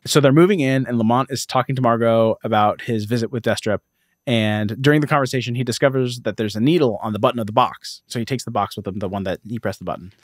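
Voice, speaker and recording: A man in his thirties, a podcast co-host, retelling an old pulp story in casual chat and slipping into quick voices for the characters. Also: mid-range voice, no room sound, studio quality.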